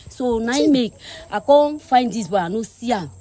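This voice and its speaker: A woman's voice: on the high side, lively intonation, moderate pace, mellow. A middle-aged woman with a Nigerian accent, pleading and blunt in a comic street-interview skit.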